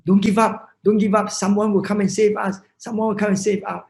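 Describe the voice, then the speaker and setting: A man's voice: sits high, little pitch movement, brisk, vocal fry, a little mellow. A man with a Vietnamese accent voicing a thin, hopeful frog that keeps urging its friend not to give up, repeating itself insistently.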